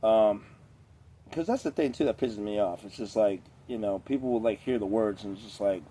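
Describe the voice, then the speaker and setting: A man's voice: on the low side, normal speed, mellow, a little hiss or hum. A man in a casual, rambling vlog rant, profane and digressive, a few beers in. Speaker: vlogger.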